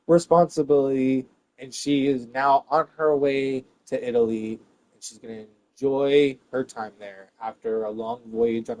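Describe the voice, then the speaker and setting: A man ranting to his viewers in a rambling, profane monologue, swinging between loud bursts and hushed asides. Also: medium pitch, steady tone, measured pace.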